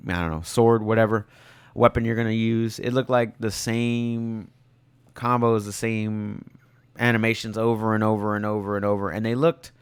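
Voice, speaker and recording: A man with a low, smooth voice co-hosts a casual gaming podcast, dropping blunt, opinionated takes and easy swearing. The sound is close and dry, with no room around it. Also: level tone, normal speed, no echo. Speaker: podcast co-host.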